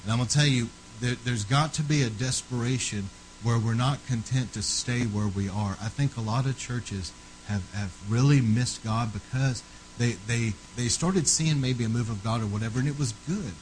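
Man, preacher, fervent sermon, loud emphatic peaks and low drops, faint hum behind. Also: moderate pace, poor audio.

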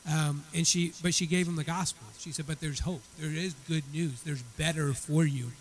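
A man's voice: on the high side, steady tone, brisk, rough recording. A man teaching a church Bible study. He retells a story in a conversational way and often repeats words as he restarts his sentences.

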